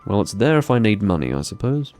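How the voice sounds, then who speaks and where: A man giving relaxed, rambling commentary while playing a game live, with dry, self-deprecating asides. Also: lowish voice, fast talker, faint music behind. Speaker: gaming streamer.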